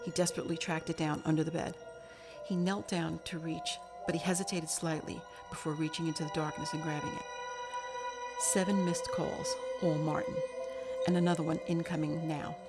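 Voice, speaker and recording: A woman with a low voice reading a novel aloud in a steady, measured storybook manner. Clear background music plays beneath her narration throughout.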